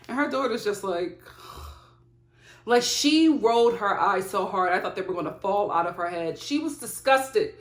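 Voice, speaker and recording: A woman reviewing a reality TV show in casual commentary to the camera, animated and exclaiming in disbelief, recorded in a room at home. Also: mid-range voice, a little slow. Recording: roomy echo.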